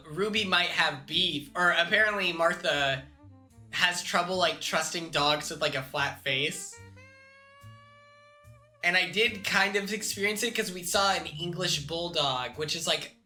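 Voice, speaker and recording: A man's voice: on the high side, bright, forceful tone. A young man chatting casually on a live stream, laid-back and slangy, with restarts and laughs.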